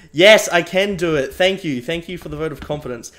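Young man, streamer, rambling mock-serious chat with viewers, slightly higher voice. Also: expressive, normal speed, a bit bright. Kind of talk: casual live-stream chat.

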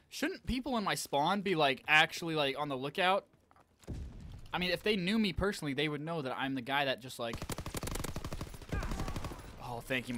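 A young man giving excitable live commentary on an online shooter match, talking to his viewers and trash-talking as he plays. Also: fairly high pitch, background noise. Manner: excitable, talks to viewers, trash-talks while playing. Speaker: gaming channel host.

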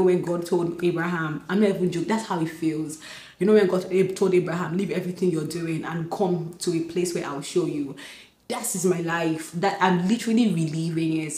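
A young Nigerian woman vlogging from home, telling stories excitedly and acting out dialogue. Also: lowish voice. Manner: excited, animated storytelling, acts out dialogue. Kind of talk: casual vlog talk. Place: home, indoors. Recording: echoey room.

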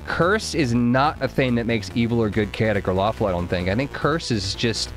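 A male streamer chatting through a live game session, thanking viewers and thinking aloud about loot. His voice sits at an ordinary middle pitch, and game music plays faintly behind him. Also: normal speed. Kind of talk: casual live game commentary.

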